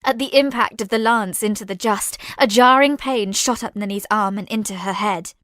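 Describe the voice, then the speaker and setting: A woman narrating a science-fiction audio drama in a measured, unhurried voice. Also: medium pitch, a bit bright, no echo.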